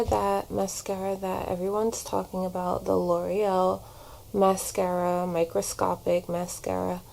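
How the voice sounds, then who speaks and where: A woman's voice: lowish voice, flat delivery, a little slow, creaky, a little mellow, rough recording. A woman vlogger chatting casually while doing her makeup at home. She rambles a little and fills her talk with "like", recorded by a camera propped nearby. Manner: chatty, rambling, many "like" fillers. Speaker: vlogger and actor. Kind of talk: casual get-ready-with-me chat. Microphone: camera propped on a shelf.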